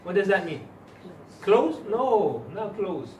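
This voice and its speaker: A man with a somewhat high voice gives a religious lesson as an Islamic teacher, leaning hard on key words and firing rhetorical questions at the class. His pitch swings widely, his pace is slow, and his tone is a little mellow. He's captured from afar in a reverberant room over a faint hum of ambience.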